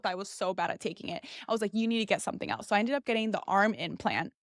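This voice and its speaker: A woman's voice: mid-range voice, fast talker, few pauses, no echo, studio quality. A young woman hosting a podcast, telling a personal story in a chatty, candid way and acting out the voices of other people. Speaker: podcast host. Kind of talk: casual storytelling monologue.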